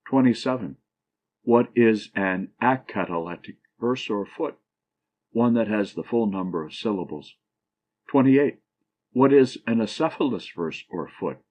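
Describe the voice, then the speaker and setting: Low-voiced man reading grammar aloud. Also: muffled recording. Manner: measured, even reading of numbered questions and answers. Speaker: audiobook narrator.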